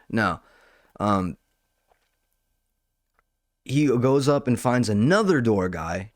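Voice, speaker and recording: A man's voice: lowish voice, no room sound, clean studio sound. A young man hosting a podcast, telling a rambling, profane story about his work at a club door in a casual way. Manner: profane, rambling, animated retelling. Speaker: podcast host; nightclub door staff. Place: home kitchen.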